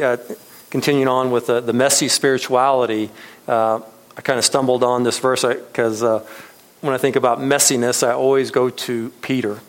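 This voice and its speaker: A man in his thirties preaches a casual sermon as a pastor, his medium-pitched voice captured in a rough recording. He talks loosely and conversationally, full of fillers and restarts, chuckling often.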